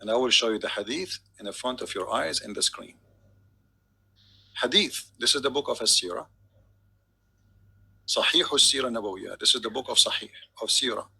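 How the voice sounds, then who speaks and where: Gravelly guy arguing hard in a debate, bright husky voice, keeps going "my friend". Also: mid-range voice, normal speed, pauses often, poor audio. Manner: insistent, repeats "my friend". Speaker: debate host. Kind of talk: heated online debate.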